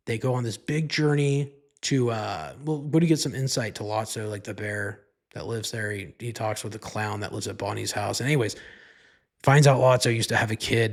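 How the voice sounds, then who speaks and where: Husky-voiced man rambling on a podcast. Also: medium pitch. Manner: rambling, profane, heavy use of "like". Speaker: podcast host. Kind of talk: casual solo podcast monologue.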